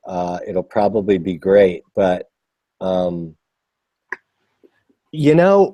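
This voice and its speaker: A man's voice: fairly low pitch, warm tone, dry recording. A man chatting casually as a guest composer, rambling and self-deprecating with enthusiasm. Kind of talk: casual live chat.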